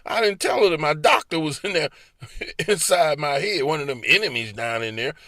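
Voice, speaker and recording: In clean studio sound with no echo, a Baltimore-accented man with a fairly high, pushed and bright voice recounts personal stories at a normal speed. His intonation is lively, and he frequently laughs as he performs the voices in his head for the listener.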